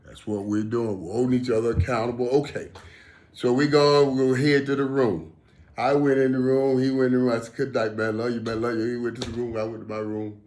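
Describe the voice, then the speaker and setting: A middle-aged man telling a personal story casually, emphatic and animated, repeating phrases for weight. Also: medium pitch, a little fast. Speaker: vlogger.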